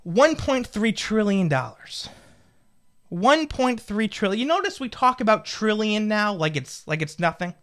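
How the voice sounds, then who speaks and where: A man's voice: sits high, very animated, unhurried, fairly bright tone. A man in his twenties, a political commentator, delivering a fired-up, indignant opinion rant full of rhetorical questions. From United States. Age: 20s.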